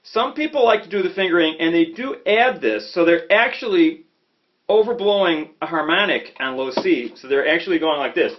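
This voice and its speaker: A man's voice: a little high, normal speed. Chicago man teaching saxophone casually. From Chicago, USA. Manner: relaxed, conversational, frequent "okay?" and "you know". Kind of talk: casual instructional talk. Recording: slightly dull lo-fi audio with faint music.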